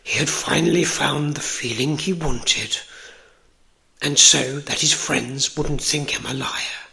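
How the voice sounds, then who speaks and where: A man reading a storybook aloud in a gentle ASMR whisper. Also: fairly high pitch, vocal fry. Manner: slow, gentle, soothing whisper.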